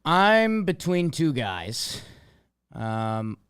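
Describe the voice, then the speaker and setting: A man's voice: fairly high pitch, very animated, very slow, a bit bright, smooth. A man co-hosting a sports podcast, easygoing and ribbing his partner playfully. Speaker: podcast co-host. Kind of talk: casual sports podcast banter.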